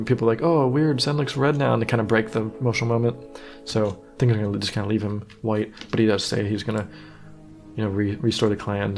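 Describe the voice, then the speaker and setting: A man giving a casual, earnest director's commentary on his animated series. He talks in a meandering way. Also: lowish voice.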